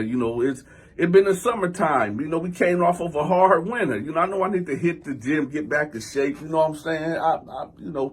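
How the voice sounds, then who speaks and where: A man telling a story on his vlog in a very husky, raspy voice that sits high and swings lively. He talks loosely and acts out the action with sound effects. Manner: animated, conversational, acts out scenes with sound effects. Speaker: channel host telling a personal story.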